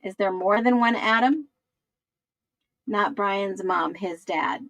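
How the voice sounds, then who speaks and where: A woman's voice: mid-range voice, slow, a bit bright, no room sound, rough recording. A woman hosting a casual livestream, thinking aloud and looking things up as she reads viewers' comments. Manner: thinks aloud, searching while she talks. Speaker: livestream host.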